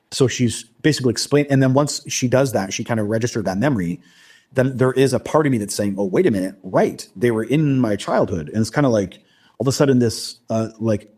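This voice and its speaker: A man recounting a personal experience in a halting, casual interview style, with frequent restarts. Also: on the low side, warm tone, slightly rough. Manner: halting, many restarts and fillers. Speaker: guest recounting an abduction experience.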